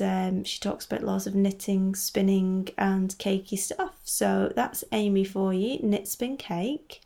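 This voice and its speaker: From her home in Scotland, a woman hosts a casual knitting podcast on her own, rambling along with plenty of asides. Her mid-range voice is a little mellow, with some vocal fry.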